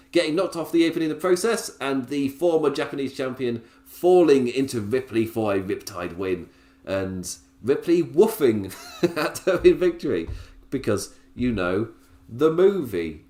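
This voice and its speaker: A man's voice: medium pitch, expressive, moderate pace, darkish tone, roomy sound. A man hosting a podcast, recapping in a chatty, casual way with frequent laughs. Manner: chatty, laughs often, restarts sentences. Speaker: podcast host.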